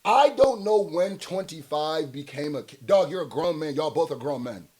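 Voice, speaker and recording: A man's voice: on the high side, expressive, moderate pace, darkish tone, breathy edge. A man hosting casual reaction commentary, talking bluntly with slang and rhetorical questions and laughing often. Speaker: commentary host.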